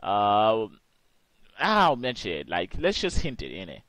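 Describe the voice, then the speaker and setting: A man chatting on a podcast, laughing easily and cursing, with fillers between thoughts. He speaks slowly with a lively, rising and falling pitch. The sound is dry and close, with no room around it. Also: no room sound. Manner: laughs often, swears, trails off with fillers. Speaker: podcast co-host. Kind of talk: casual chat.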